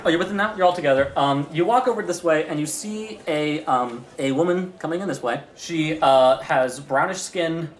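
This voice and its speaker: A man narrating as game master of a tabletop game, chatty and lively with quick asides. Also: a little high, slight background noise. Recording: roomy echo.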